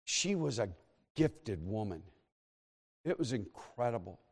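A pastor preaching a sermon, telling a story and then preaching with fervor. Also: male voice, lowish voice, very animated, a little slow, gravelly, big-room sound. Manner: storytelling, rising to fervent preaching. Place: church sanctuary.

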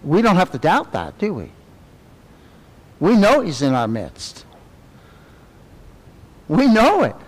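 A middle-aged man teaching a Sunday school class in a church classroom, animated, peppering the class with questions and sinking to a soft murmur on reverent words. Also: takes it slowly, long pauses. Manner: animated, asks the class many tag questions; drops to a soft, low murmur on reverent phrases. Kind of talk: conversational Bible teaching.

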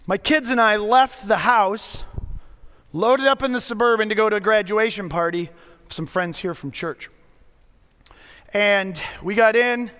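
A middle-aged man preaching a sermon as a pastor, telling stories in a conversational way with dramatic pauses. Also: sits high, fairly bright tone, smooth. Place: church sanctuary. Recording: long hall reverb.

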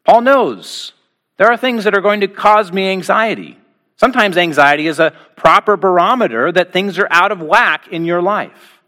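A pastor with a high, sharp-toned voice preaches to his congregation. He poses rhetorical questions and slows down, pausing deliberately on key phrases.

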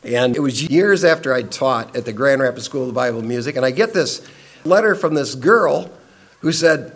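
A man's voice: a little high, fairly quick, a bit bright. An older man, a pastor, giving an evening class lecture, emphatic and full of stories and asides. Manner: emphatic, storytelling, dismissive asides. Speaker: pastor and Bible teacher.

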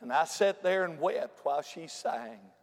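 A man with a notably high voice delivers a revival sermon. He moves between quiet, close storytelling and sudden shouted bursts. His words trail into a long, echoing reverb that fills a large sanctuary. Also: lively intonation, measured pace. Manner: swings from hushed storytelling to shouted, high-pitched exclamations. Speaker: preacher.

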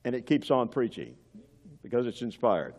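A man's voice: mid-range voice, very animated, moderate pace, a little mellow. A middle-aged man preaching a sermon in a church, earnest and emphatic, leaning hard into key words. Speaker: pastor. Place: church sanctuary. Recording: long reverb of a large hall.

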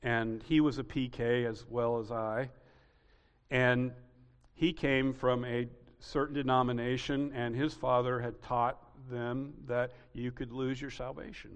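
A man's voice: mid-range voice, flat delivery, measured pace, clean tone. A male pastor preaching a sermon emphatically, building to repeated rising peaks. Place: church sanctuary. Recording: reverberant hall.

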